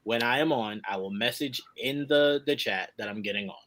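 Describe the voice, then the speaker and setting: Chill guy hosting a podcast, loose and rambly, mid-pitch voice. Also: fairly quick. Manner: relaxed, rambling with fillers. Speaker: podcast host. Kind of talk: casual chat, show sign-off.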